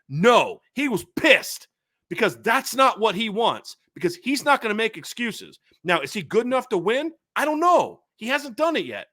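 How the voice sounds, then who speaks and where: A man's voice: high voice, big pitch swings, moderate pace, a bit bright. A middle-aged man hosting a sports show, delivering a fired-up, emphatic commentary rant with lots of repetition. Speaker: sports podcast host.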